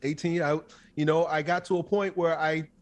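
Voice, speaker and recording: Intense guy in his 30s, kinda higher voice, talks in quick emphatic bursts. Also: steady tone. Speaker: guest. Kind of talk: candid interview storytelling.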